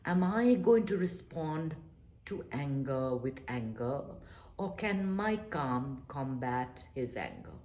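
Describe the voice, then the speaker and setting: Speaking slowly in a low voice, a meditation teacher gently and earnestly coaxes her class toward calm, her delivery swinging widely. She slips into little acted-out quoted exchanges along the way.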